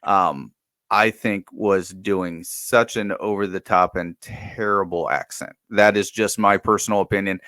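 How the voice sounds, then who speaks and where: A man with a fairly low voice, chatting casually as a podcast co-host. He talks with many restarts and fillers, in a dry room with no echo. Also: fairly even intonation, measured pace, sharp tone. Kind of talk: casual review chat.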